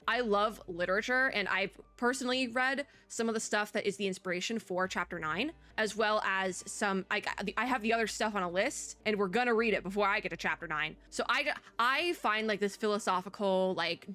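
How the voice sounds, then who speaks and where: A woman's voice: medium pitch, pushed and bright. A tired woman doing casual gaming reaction commentary into a desk mic at home. She rambles and pokes fun at herself in a chatty way. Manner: chatty, rambling, self-deprecating. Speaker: gaming content creator.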